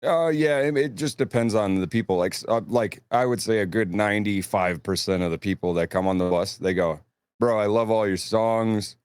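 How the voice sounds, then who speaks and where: A touring band crew member tells rambling, profanity-laced stories about life on tour in a casual podcast chat, swearing freely. His fairly low voice is brisk, barely pausing, with a clean tone and clean studio sound free of room echo.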